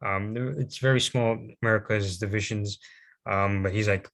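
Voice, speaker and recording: A man's voice: lowish voice, fairly even intonation, normal speed, fairly bright tone. Hesitant young man presenting history. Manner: rambling, hesitant, many fillers and restarts; self-deprecating asides. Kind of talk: informal history presentation over a map.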